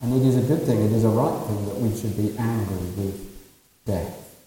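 A male preacher with a mellow, warm voice delivers a sermon, asking rhetorical questions and moving between hushed and raised passages. He sounds far from the mic in a long, echoing hall, with a faint hiss underneath. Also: fairly low pitch, normal speed. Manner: asks rhetorical questions and swings from quiet to loud.

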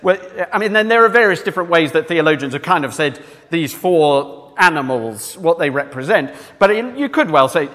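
A man's voice: on the high side, animated, normal speed, few pauses, a bit bright, long reverb tail. A man preaching a sermon in a church, talking conversationally and asking the congregation questions.

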